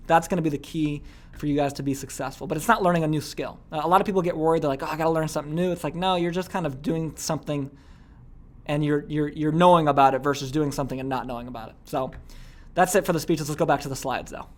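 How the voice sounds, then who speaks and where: A man teaching an online course in a casual, chatty way, full of fillers and frequent "okay?" asides. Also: a little high. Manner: acts out little quoted scenes.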